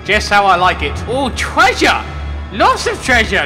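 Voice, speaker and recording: A young man giving excitable let's-play commentary, yelping and shouting whenever something surprises him. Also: high-pitched, unhurried, loud music behind the voice. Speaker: gaming commentator.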